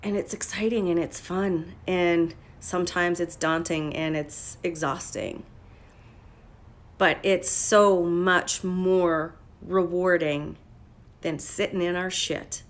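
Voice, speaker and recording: A woman's voice: lowish voice, steady tone, takes it slowly. Blunt, profane woman coach on a livestream. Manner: blunt and profane, swings into loud emphatic bursts. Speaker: life coach. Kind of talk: casual motivational livestream talk. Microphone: phone livestream.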